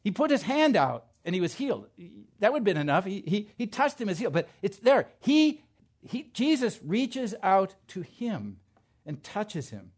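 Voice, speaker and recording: A male pastor preaching a sermon to his congregation, swinging from quiet asides to loud, emphatic declarations. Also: high voice, big pitch swings, normal speed, slightly rough.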